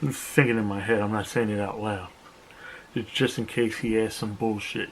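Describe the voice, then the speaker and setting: A man's voice: on the low side, unhurried, long pauses, slight background noise, low-quality recording. Profane guy telling a story. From South Jersey, USA. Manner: animated, profane, acts out other people's lines. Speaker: vlogger. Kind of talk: casual storytelling.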